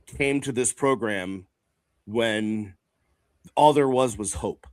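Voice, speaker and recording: A man hosts a casual sports podcast in an ordinary mid-range voice. He speaks in a measured, reflective way with plenty of fillers, recorded dry and close. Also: mid-range voice, dry recording. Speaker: podcast host.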